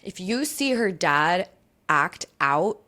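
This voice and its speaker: A young woman hosting a podcast in a casual chat, animated and jokey, swearing freely. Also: fairly low pitch, takes it slowly. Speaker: podcast host.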